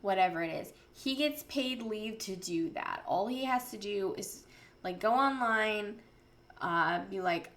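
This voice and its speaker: A woman's voice: medium pitch, measured pace, fairly bright tone. A woman ranting angrily on her vlog, swearing often as she vents. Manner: angry, profane, venting. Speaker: vlogger. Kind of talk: casual vlog rant.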